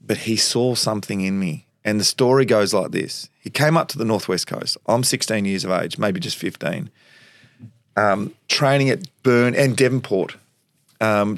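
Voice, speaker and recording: A middle-aged man from Tasmania with an Australian accent, telling animated stories as a podcast guest, acting out quoted voices and laughing often. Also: fairly low pitch, normal speed, dry recording, clean studio sound. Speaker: guest, former footballer. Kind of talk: storytelling interview.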